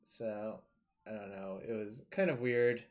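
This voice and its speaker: A man's voice: fairly low pitch, unhurried, darkish tone. Chatty man streaming a card game. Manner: loose and chatty, swears, thinks aloud. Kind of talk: casual live-stream commentary.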